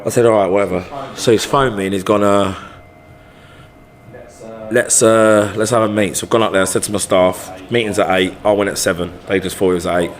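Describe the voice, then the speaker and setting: Man, low voice, football manager type, blunt and sweary, casual chat. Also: fairly even intonation, a little fast. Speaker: football manager, podcast guest.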